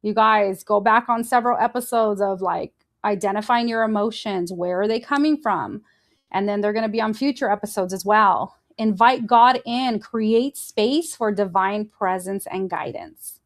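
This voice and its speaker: A middle-aged woman hosting a faith-based motivational podcast, animated, laughing often and acting out inner voices. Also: mid-range voice, moderate pace. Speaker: podcast host.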